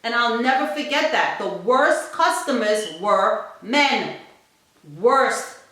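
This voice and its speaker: A woman's voice: a little high, expressive, slow, a bit bright. A woman giving an emphatic, preachy motivational talk to parents and repeating points for stress. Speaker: family vlogger. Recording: very echoey room.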